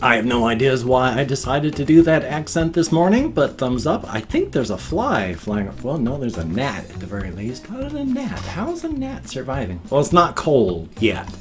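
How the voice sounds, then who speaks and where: A man's voice: mid-range voice, huge pitch swings, moderate pace, few pauses, soft background music. An older American man chatting casually on his daily vlog, rambling and self-deprecating as he tells a story. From United States. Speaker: vlogger.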